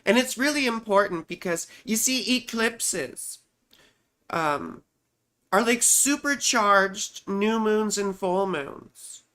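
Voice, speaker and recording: A woman's voice: mid-range voice, a bit bright. A woman hosting a casual livestream from home, chatty and rambling, often tagging her explanations with little check-ins to the listener. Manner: rambling, chatty, peppers explanations with "you see" and "right". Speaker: astrologer host.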